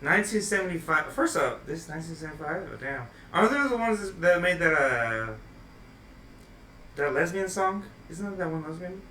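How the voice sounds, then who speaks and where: High, bright-voiced podcast host. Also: male voice, normal speed, echoey room, far from the mic, a little hiss or hum. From Los Angeles, USA. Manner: animated storyteller, laughs through his stories. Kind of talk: casual podcast chat. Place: podcast studio.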